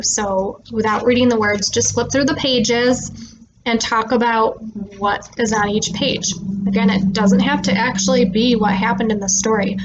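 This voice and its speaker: Woman coaching parents, relaxed and clear. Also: fairly high pitch, lo-fi sound, noisy background. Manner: relaxed explaining with frequent "um" fillers; slows and stresses words when modeling for children. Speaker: speech therapist. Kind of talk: instructional talk to parents.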